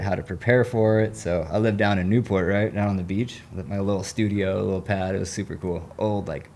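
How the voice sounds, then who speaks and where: A man's voice: low voice, dark tone. A man, a recovery coach on an interview show, telling a personal story in an earnest, rambling, casual way with lots of slang.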